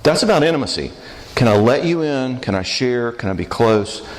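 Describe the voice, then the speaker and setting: This man's expressive, mid-range voice moves at normal speed as he addresses a church marriage conference, its echo filling the reverberant church hall. Conversational and joking, he often asks the crowd questions.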